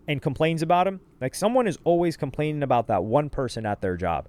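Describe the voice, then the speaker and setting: A man's voice: medium pitch, expressive, moderate pace, darkish tone, smooth. A young man co-hosting a casual reaction show, telling the backstory in loose slang with lots of asides. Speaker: co-host reacting to streamer clips.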